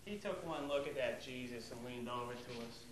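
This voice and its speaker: A young Boston-area comedian tells stand-up stories at a comedy club with wry, conversational delivery. His medium-pitched voice is fairly quick, with slight background noise. The room echoes, and the crowd laughs loudly.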